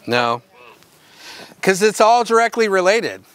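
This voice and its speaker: A man's voice: high-pitched, big pitch swings, measured pace, fairly bright tone, smooth. Direct-talking man coaching dog handlers. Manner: direct, plainspoken commands with playful asides. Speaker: dog show handling instructor. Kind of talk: hands-on coaching at a workshop.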